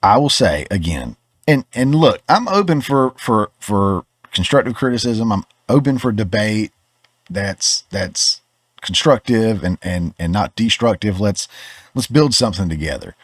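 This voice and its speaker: A man's voice: lowish voice, animated, unhurried, dry recording, clean studio sound. A Southern US man hosting a podcast, giving opinionated commentary in a conversational way, often restarting his words. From Georgia, US. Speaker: podcast host.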